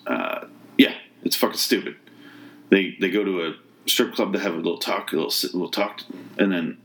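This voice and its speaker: A man's voice: low voice, brisk, a bit bright. A man reviewing a movie in a casual rant, sarcastic and exasperated, swearing often and restarting his sentences.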